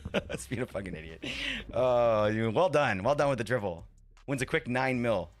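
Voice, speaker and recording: A man's voice: lowish voice, fairly quick, faint music behind. A man hosting a live stream, chatting casually and rambling between talking to his chat and fiddling with his setup. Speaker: livestream host.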